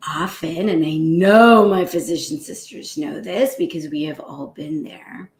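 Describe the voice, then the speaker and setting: Animated woman physician, lively motivational talk. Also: deep voice, reverberant, slight background noise. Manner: animated, acts out self-critical inner voices, often adds "right?".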